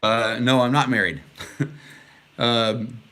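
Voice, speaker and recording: On a livestream, a middle-aged vlogger from Texas answers viewer comments in an earnest, casual ramble full of fillers. He speaks slowly at medium pitch, with fairly even intonation and a bright, forceful tone.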